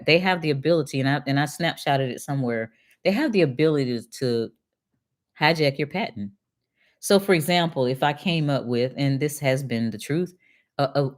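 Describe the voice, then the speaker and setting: An older woman from Detroit reading political promises aloud to a live chat and answering them with sarcastic, indignant asides. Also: extremely low pitch. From Detroit, USA. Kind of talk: casual livestream commentary.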